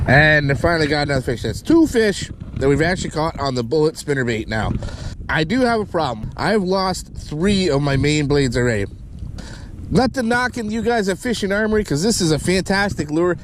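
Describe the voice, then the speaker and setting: A man's voice: on the high side, background noise. A man hosting a fishing vlog outdoors on the water, talking through his lures and whooping when he lands a fish. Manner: excitable, whoops loudly at catches. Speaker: fishing channel host.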